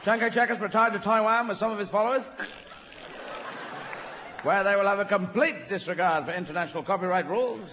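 A man's voice: high voice, fairly quick, pauses often, pitched above the performer's own voice, natural voice. A man playing an urgent chattering dolphin. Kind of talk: stand-up comedy bit. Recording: live hall with audience noise.

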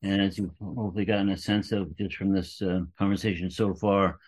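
A man hosting a radio interview show, speaking in a measured, enthusiastic way. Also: sits low, little pitch movement, darkish tone, husky.

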